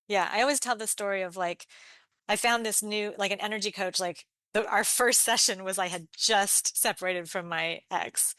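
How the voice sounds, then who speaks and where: A woman's voice: medium pitch, pushed and bright, no room sound. A woman guest author in casual chat, telling personal stories openly.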